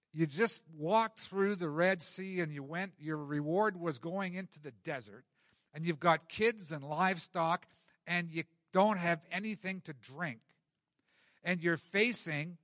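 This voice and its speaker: A middle-aged male pastor preaching a sermon in an animated way, acting out scenes from scripture. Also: a little high, no echo, studio quality.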